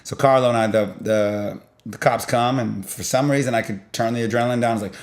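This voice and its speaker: A young man telling a long story in a loose, rambling way, full of filler and sound effects. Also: brisk. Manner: rambling, peppered with "blah blah" and "boom"; animated, jumps in loudness while retelling. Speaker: vlogger.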